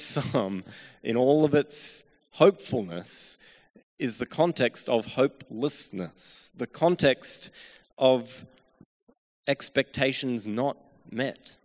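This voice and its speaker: Slow-speaking preacher in a reverberant church. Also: male voice, medium pitch. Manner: slow, earnest preaching with dramatic scripture reading. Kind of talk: sermon.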